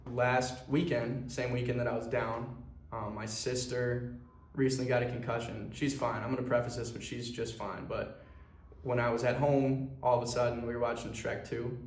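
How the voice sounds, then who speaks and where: A man's voice: mid-range voice, little pitch movement, normal speed. Earnest young man in an echoey room. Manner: earnest, rambling, with many fillers. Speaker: clothing brand founder. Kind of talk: personal vlog monologue.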